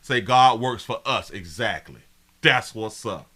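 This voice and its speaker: A man hosting a live stream, reading viewer comments in a brash, profane way that swings from mumbling to yelling. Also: fairly low pitch, expressive, unhurried. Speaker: live show host.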